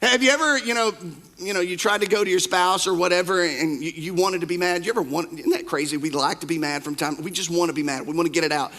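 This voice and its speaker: Emphatic high-voiced male pastor preaching. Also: fast talker. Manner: emphatic, repeats key phrases; swings between soft asides and loud outbursts. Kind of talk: sermon. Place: church.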